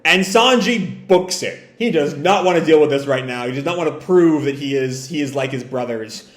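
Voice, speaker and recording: Animated guy recapping a comic chapter. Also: on the high side, normal speed. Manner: animated, casual, swearing. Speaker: comic reader and reviewer. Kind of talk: chapter read-through with commentary. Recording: roomy echo.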